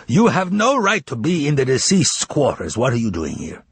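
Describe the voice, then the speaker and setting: A man's voice: medium pitch, huge pitch swings, moderate pace, slightly rough, no room sound, exaggerated voice. A man voicing a rude, suspicious, portly middle-aged male housing chairman who blusters and makes demands indignantly.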